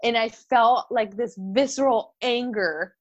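A woman speaking in a relaxed conversation, telling a story with lively, animated delivery. She slips into the voices of the people she quotes. The recording sounds somewhat dull and lo-fi. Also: a little high, a little slow. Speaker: mother of a toddler. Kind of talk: casual podcast conversation.

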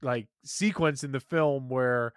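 A man on a podcast panel in casual chat, telling stories in a relaxed, jokey way. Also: medium pitch, measured pace, clear, resonant tone, no echo, studio quality.

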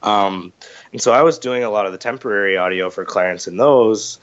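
A man's voice: on the low side, fairly quick, highs cut off. A man being interviewed as a voice actor guest, chatting casually with lots of fillers and restarts, a little under the weather with a cold. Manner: chatty, self-deprecating, many fillers and restarts.

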